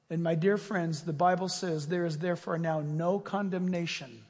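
High-voiced fervent preaching man. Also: normal speed, hardly any pauses, long reverb tail. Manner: fervent, builds to loud proclaiming prayer. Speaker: pastor. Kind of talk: sermon and closing prayer.

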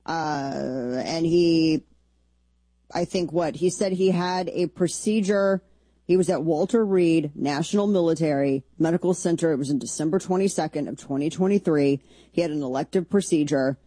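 A woman's voice: sits low, moderate pace, warm tone, dry recording. Blunt, combative woman radio host. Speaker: radio talk show host. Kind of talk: opinionated political talk radio.

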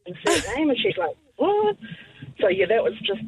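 A woman's voice: medium pitch, expressive, fast talker, slightly rough, dry recording. A woman with a New Zealand accent calling a radio show, telling a story chattily with some fillers. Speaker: caller. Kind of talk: telling an anecdote on a call-in. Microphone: phone line. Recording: tinny phone line with faint noise.

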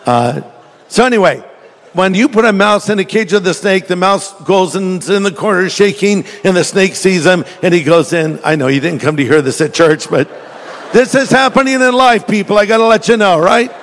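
A man preaching a sermon in church, slipping into jokey stories with an animated, lively delivery. His fairly high voice rings out with a long hall reverb. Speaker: pastor.

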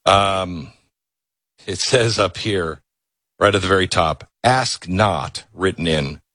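There's no room sound as a male talk show host speaks slowly in a slightly bright voice. His opinionated monologue is a sarcastic rant, mocking opponents with put-on voices that leap high, followed by reading an ad himself.

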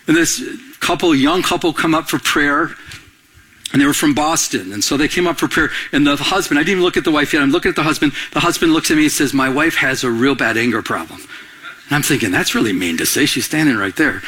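Animated husky-voiced male pastor. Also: on the high side. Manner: animated, conversational, asks the congregation questions. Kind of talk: sermon.

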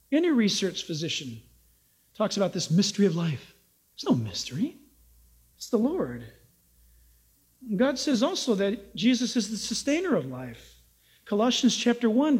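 Emphatic high-voiced male pastor preaching. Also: darkish tone, slightly rough. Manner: emphatic, rhetorical questions, exhorting listeners. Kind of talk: radio sermon. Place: Southern California church.

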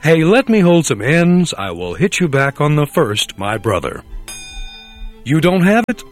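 Guy doing an uptight polite young dude, stiff delivery, swingy pitch, faint music. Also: sing-song, measured pace. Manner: stiff, overly formal repetition. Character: stiff, polite young man learning slang.

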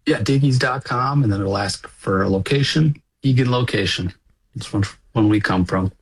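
A man from Minnesota, a restaurant owner, giving easygoing, slightly halting answers in a radio interview. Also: fairly low pitch, husky, poor audio.

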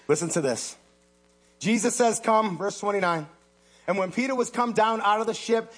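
A man preaching a sermon, swinging between loud exhortation and low hushed asides. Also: breathy edge. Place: church platform.

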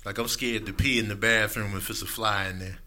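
A man in his thirties doing an animated stand-up comedy set on a club stage, acting out other people's voices. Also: lowish voice, a little fast. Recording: live recording with audience noise.

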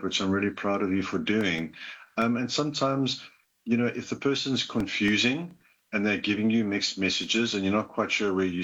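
A man giving gentle, counselling relationship advice to a caller on a talk show. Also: on the low side, highs cut off.

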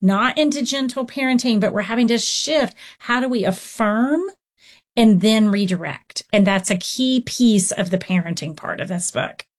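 A woman who writes on parenting and counsels children, speaking expressively in a conversational interview. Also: moderate pace. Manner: expressive, acts out children's voices with big pitch swings.

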